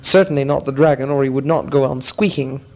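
A man's voice: mid-range voice, brisk, darkish tone, lightly acted, poor audio. A man voicing a proud male dwarf leader who speaks brusquely and gives orders. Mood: puzzled.

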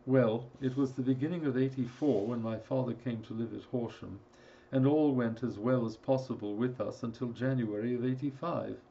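A man narrating a classic story in a steady, measured storytelling voice. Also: mid-range voice, vocal fry, lo-fi sound. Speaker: audiobook narrator. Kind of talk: scripted narration.

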